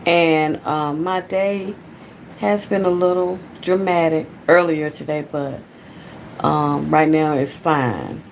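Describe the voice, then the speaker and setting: A woman with an Atlanta Southern accent rambles casually to her live chat, speaking in a fairly low voice through her phone at home. Her talk is loose and chatty, and faint background noise sits under it. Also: steady tone, slow, creaky. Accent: Southern American (Atlanta). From Atlanta, Georgia, USA. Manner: rambling, chatty, talks straight to viewers. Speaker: livestreamer.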